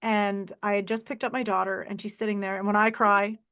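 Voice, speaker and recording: A woman in her forties hosting a podcast, telling a personal story in a lively, emotional way over a video call. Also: medium pitch, brisk, smooth. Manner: animated, emotional storyteller who acts out voices in quotes. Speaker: podcast host. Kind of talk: casual conversational storytelling.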